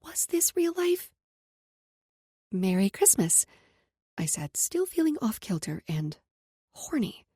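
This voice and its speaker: A woman's voice: fairly high pitch, big pitch swings, slow, long pauses, mellow, breathy edge, no room sound. A woman narrating a romance audiobook in an intimate first-person voice that drops to a whisper in close passages.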